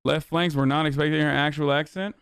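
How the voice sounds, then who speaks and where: A man's voice: a little high, steady tone, fairly quick, creaky, a bit bright, smooth, no echo, clean studio sound. A young man streaming heated, profane political commentary, full of fillers and swearing. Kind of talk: casual ranting commentary.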